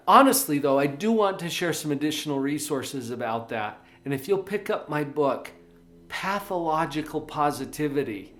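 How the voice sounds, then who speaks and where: A man, a parenting coach and author, giving an animated motivational talk to camera, full of rhetorical questions. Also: fairly high pitch.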